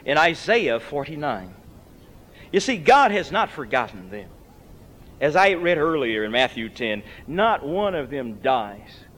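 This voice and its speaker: Very animated yet measured in pace, a male preacher delivers his sermon with emphasis and drama as his pitch and volume rise and fall sharply. It is captured in a lo-fi recording drenched in long hall reverb.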